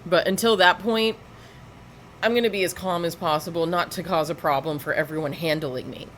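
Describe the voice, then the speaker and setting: A woman's voice: lowish voice, fairly even intonation, normal speed, a bit bright, a little hiss or hum. A woman giving sarcastic, lecturing reaction commentary over police footage.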